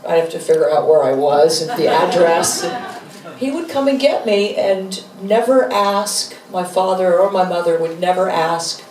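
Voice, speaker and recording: A woman in her fifties, a guest author and rock musician, telling animated stories with laughs at an onstage interview. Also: on the low side, moderate pace. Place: bar venue with live audience. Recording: echoey room, mic from a distance.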